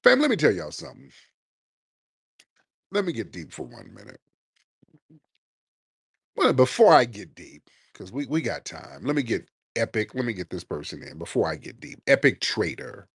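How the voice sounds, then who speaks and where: A man's voice: fairly low pitch, huge pitch swings, normal speed, pauses often, a bit bright, husky, dry recording, clean studio sound. A man hosting a live call-in audio chat with a lingering cough, brash and sarcastic, cursing freely as he takes callers. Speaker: host.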